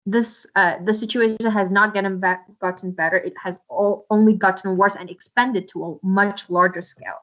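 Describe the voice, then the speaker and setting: A woman's voice: medium pitch, steady tone, normal speed, few pauses, a bit bright, rough recording. A woman answering interview questions in an earnest, impassioned way, often restarting her sentences. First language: Uyghur. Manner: impassioned, with many restarts and fillers. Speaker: interview guest.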